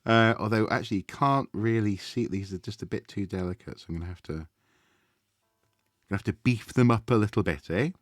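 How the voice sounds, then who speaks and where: A man chatting casually to viewers as he draws on a live stream, relaxed and thinking aloud, often trailing off mid-sentence. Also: fairly low pitch, a little fast, no room sound, studio quality. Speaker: art streamer. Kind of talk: casual chat while drawing live.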